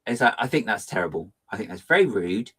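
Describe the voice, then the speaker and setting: A man with a husky voice and a quick pace chats on a livestream as he builds. He mocks himself playfully, and his lively talk features dramatic jumps up into a high pitch.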